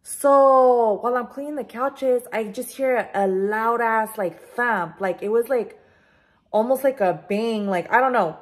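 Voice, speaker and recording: A young woman vlogging in her home kitchen, telling a story in an animated, casual way with lots of swearing and "like". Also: fairly high pitch, a little slow. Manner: animated, swears freely, heavy use of "like".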